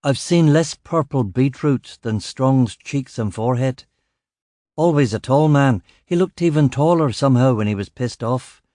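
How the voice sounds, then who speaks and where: A man's voice: mid-range voice, moderate pace, mellow, no room sound, clean studio sound. A man reading a first-person crime audiobook in a wry, matter-of-fact manner. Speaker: audiobook narrator.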